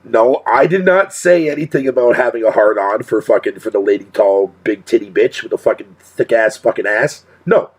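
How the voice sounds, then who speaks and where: A man's voice: on the low side, fairly quick, few pauses, darkish tone, husky. A male streamer talking casually to his chat in a profane rant, swearing constantly and laughing often.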